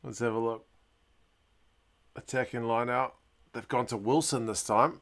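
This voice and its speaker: Excitable man reacting live to rugby. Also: mid-range voice, measured pace. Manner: chatty play-by-play that bursts into loud excited shouts and mild swearing. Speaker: host of a live match watch-along. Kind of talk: live sports reaction commentary.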